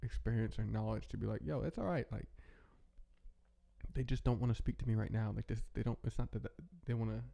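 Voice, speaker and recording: A man hosting a casual, rambling monologue, talking in a relaxed way with many restarts. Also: lowish voice, a little fast, creaky. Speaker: host.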